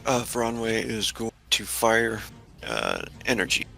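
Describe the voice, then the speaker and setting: Deep, gravelly man, slow and hesitant. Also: big pitch swings, pushed and bright. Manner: slow, hesitant, with many fillers. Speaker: player. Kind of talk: casual tabletop play.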